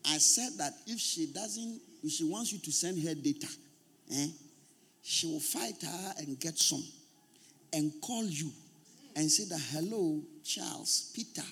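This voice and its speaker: A man preaching a sermon as pastor, emphatic and repetitive, at times shouting. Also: fairly high pitch, expressive, a little slow, slightly rough.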